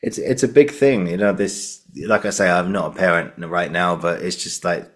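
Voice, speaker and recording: A man's voice: sits low, lively intonation, normal speed, fairly bright tone. A young adult man hosting a podcast, chatting casually, rambling with lots of fillers and restarts. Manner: rambling, many fillers and restarts, laughs often. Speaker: podcast host. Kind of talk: casual interview chat.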